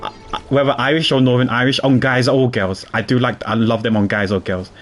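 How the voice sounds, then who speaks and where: A man's voice: mid-range voice, flat delivery, fairly quick, soft background music. A man streaming a game, chatting casually in a rambling way, repeating his words and chuckling. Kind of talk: casual gameplay commentary.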